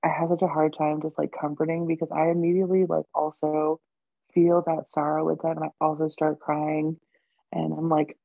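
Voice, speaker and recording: Brief: woman co-host, low mellow voice, affirming chatty delivery, dry dull recording. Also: level tone, moderate pace, gravelly, no echo. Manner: warm, affirming, filler "like". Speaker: podcast co-host. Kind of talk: casual chat.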